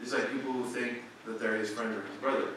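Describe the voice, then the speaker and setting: A man's voice: mid-range voice, fairly even intonation, quick pace, a bit bright, slight background noise. A man from Oklahoma, a guest imam, giving a casual, slangy storytelling lecture and acting out other people's lines. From Oklahoma, USA. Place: university lecture room. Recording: very echoey hall, mic far off.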